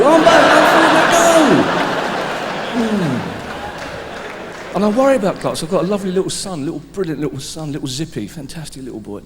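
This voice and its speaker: Male stand-up comic, animated delivery, live hall sound. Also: sits high. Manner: animated, shouting out mock instructions. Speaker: comedian. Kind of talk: stand-up routine. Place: live comedy stage. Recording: live hall reverb with background noise.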